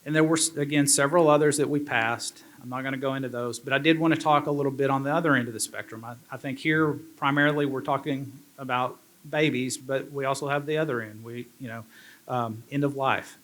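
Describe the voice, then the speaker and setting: Guy giving a speech at a dinner, earnest, keeps restarting sentences, average pitch. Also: steady tone, brisk, fairly bright tone. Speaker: state representative. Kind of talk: banquet speech.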